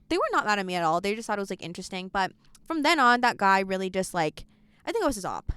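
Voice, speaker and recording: A teenage girl hosting a podcast, telling stories in a quick, animated, laughing way. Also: mid-range voice, smooth, no room sound. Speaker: podcast host. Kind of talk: casual chat.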